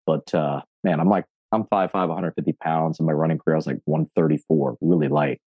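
A man in his forties, a gym owner and fitness coach, telling his story in a podcast interview, animated and casually profane, acting out what people said. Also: a bass voice, quick pace, vocal fry, slightly rough, no room sound, narrow, tinny audio. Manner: animated storyteller, acts out quotes, swears casually.

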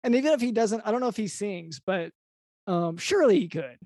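Halting improviser planning a party. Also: medium pitch, expressive, darkish tone, dry recording, studio quality. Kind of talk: improvised comedy brainstorming.

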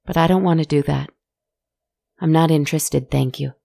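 A calm, defiant young hero, as a woman narrator puts them on, unmoved and quietly dismissive in a spooky storybook. The voice stays low, husky and gravelly, with a mellow tone, close and dry. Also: normal speed, dry recording. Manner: plain, level and quietly dismissive.

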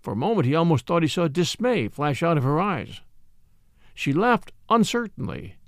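A man giving scripted, expressive narration of a mystery novel as an audiobook reader. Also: a little high, no room sound, studio quality. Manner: expressive, measured storytelling.

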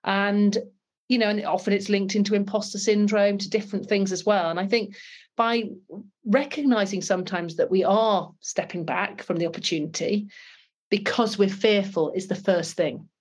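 A woman's voice: medium pitch, normal speed. A British woman, a former pilot and author, talking earnestly in an interview and acting out the dialogue in her stories. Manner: earnest, animated, acts out quoted dialogue. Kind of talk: conversational interview storytelling.

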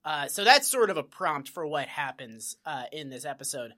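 A woman's voice: sits low, normal speed. A woman co-hosting a podcast in casual chat about a TV show, swearing freely and slipping into mock voices. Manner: profane, animated, bursts into mock voices. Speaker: podcast co-host.

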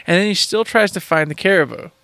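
A man in casual chat, animated, telling a story about a game. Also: sits high, quick pace, creaky, no echo.

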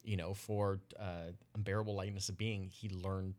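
Low-voiced man, relaxed podcast talker, meandering and hedging. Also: normal speed. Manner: rambling, hedging with likes and I-means. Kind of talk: casual chat.

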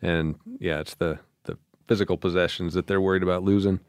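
A man who worked in law enforcement, answering on a podcast in a measured, agreeable way. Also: sits low, fairly even intonation, darkish tone, no echo, clean studio sound. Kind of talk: casual chat.

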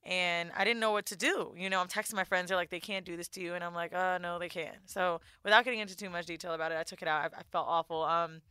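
A woman's voice: fairly low pitch, fairly even intonation, fast talker, hardly any pauses, pushed and bright, smooth, no room sound, studio quality. A young woman co-hosting a podcast, telling an emotional story in candid casual chat, swearing freely and acting out what others said to her. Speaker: podcast co-host.

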